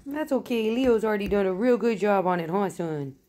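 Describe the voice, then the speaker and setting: A woman's voice: mid-range voice, expressive, brisk, dark tone. A woman hosting a home pet vlog indoors, talking in sing-song baby talk to a cat and laughing often. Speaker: vlog host. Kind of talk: casual chat, cooing to pets.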